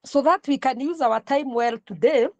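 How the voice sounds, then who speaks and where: A woman's voice: high voice, normal speed, no echo. A middle-aged woman, giving a class lecture and often repeating her words as she explains.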